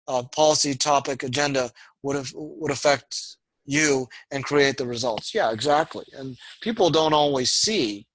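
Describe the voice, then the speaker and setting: Bright-voiced male lecturer, rambling. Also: mid-range voice, moderate pace, no echo, rough recording. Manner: discursive, many fillers and restarts. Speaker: university lecturer. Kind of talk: online class lecture.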